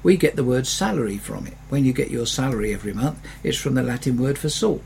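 A man's voice: medium pitch, lively intonation, fast talker, gravelly, darkish tone, slight background noise, poor audio. A man preaching a sermon as a pastor, in an earnest, conversational way that often swells into emphatic rises.

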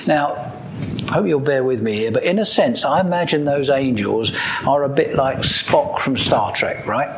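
A man preaching a sermon, animated and throwing rhetorical questions at his listeners. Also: mid-range voice, moderate pace, slight background noise, poor audio.

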